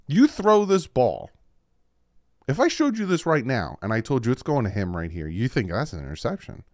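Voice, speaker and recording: A man hosting a casual football film breakdown at a desk microphone, emphatic and repetitive, his voice jumping up when he gets excited. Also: mid-range voice, fast, no room sound, clean studio sound. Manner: emphatic, repeats points, voice jumps when excited. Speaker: football film-study host.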